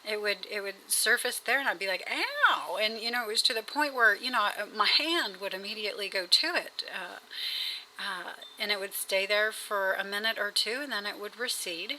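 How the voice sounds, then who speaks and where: A woman's voice: mid-range voice, fairly quick, pushed and bright, slight background noise, low-quality recording. A woman talking in a casual video diary, rambling and hesitant, with many fillers and restarts. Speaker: vlogger. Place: at home.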